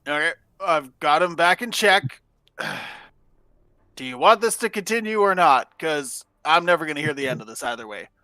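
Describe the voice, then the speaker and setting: Bright, loud-joking man at a game table. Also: fairly high pitch, expressive, normal speed, no echo. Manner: loud, joking, swearing outbursts. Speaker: player.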